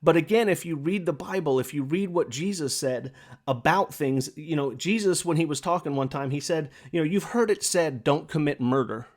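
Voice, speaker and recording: Guy ranting on his podcast, pipe in hand, kinda high voice, repeats himself a lot. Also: normal speed, darkish tone. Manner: impassioned, repetitive, preachy; smokes a pipe while talking. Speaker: podcast host. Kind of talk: opinionated monologue.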